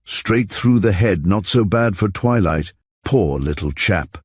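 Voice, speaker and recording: A man's voice: on the low side, animated, measured pace, breathy edge, no echo, studio quality. A man voicing a gloomy young man who talks in a wry, self-mocking way.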